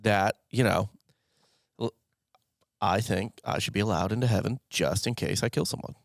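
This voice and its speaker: A man's voice: lowish voice, moderate pace, vocal fry, dry recording. Man, casual podcast co-host, wry, rambling, dry close sound. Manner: rambling, wry, trails into jokes. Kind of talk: casual chat.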